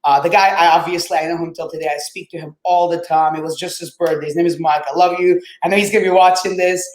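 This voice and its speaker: A man whose first language is Arabic, telling his story as a podcast guest in a lively, swearing, casual way and acting out quotes. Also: fairly high pitch, fast talker, echoey room, poor audio. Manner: animated, swears, acts out quotes.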